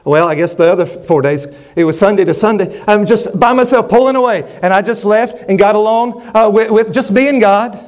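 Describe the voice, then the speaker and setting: A middle-aged man preaching with a high voice. He drives his points home by repeating phrases, and he stumbles and restarts as he builds. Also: fairly quick, hardly any pauses, darkish tone. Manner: emphatic, repetitive, with frequent restarts. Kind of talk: sermon.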